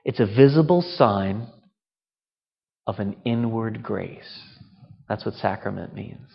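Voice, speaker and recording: A man's voice: on the low side, slow, gravelly, husky. A male pastor giving a conversational communion sermon, asking rhetorical questions. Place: church. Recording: dull reverberant hall sound.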